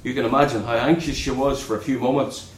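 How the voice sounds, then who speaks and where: A man's voice: steady tone, fast. Earnest preacher man in an echoey hall. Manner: earnest, drops low and soft on key words. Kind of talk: sermon.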